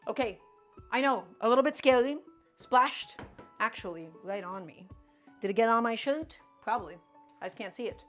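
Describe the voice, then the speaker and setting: A woman's voice: on the high side, expressive, moderate pace, soft background music. A woman streaming from her home kitchen, chatting and coaching viewers through each cooking step. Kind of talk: live-stream cooking chat.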